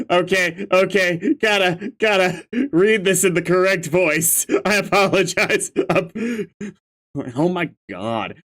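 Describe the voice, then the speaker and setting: A streamer reading a webcomic live, laughing often and shouting reactions at the characters. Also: medium pitch, slow.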